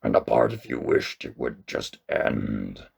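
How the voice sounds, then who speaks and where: A man reading aloud and voicing an ancient giant tree monster in a low, slow, grave voice. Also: steady tone, creaky, darkish tone, husky, heavily acted. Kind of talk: audiobook reading.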